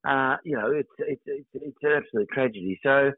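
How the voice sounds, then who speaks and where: An older man talks in a measured, halting way, circling back over his words with plenty of fillers. His voice comes through a dry, tinny phone line, close and without room sound. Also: medium pitch, dry recording. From Australia. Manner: measured, hesitant, many restarts and fillers. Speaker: guest actor. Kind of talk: casual interview.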